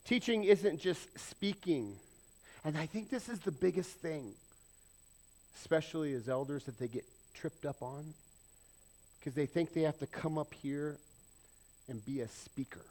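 A man's voice: on the high side, a little slow, long pauses, dark tone. A middle-aged man preaching a casual, conversational sermon in a church, with self-deprecating asides. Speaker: pastor. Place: church sanctuary.

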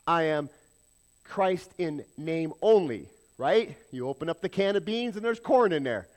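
A man delivering a sermon in a high voice. He preaches with emphasis and fires rhetorical questions at his listeners. At times he drops to a hushed, almost whispered delivery. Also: animated, measured pace. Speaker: pastor.

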